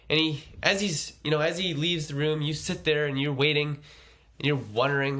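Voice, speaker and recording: A man's voice: fairly high pitch, fairly even intonation, moderate pace, bright, forceful tone. A man running a casual tutorial, chatty and explaining things step by step. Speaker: agency owner teaching a course.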